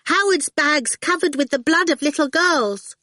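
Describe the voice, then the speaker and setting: A woman's voice: sits high, moderate pace, bright, forceful tone, no room sound, studio quality, pitched above the performer's own voice. A woman voicing a bratty eight-year-old girl with a piercing, demanding voice, in an audiobook. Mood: taunting.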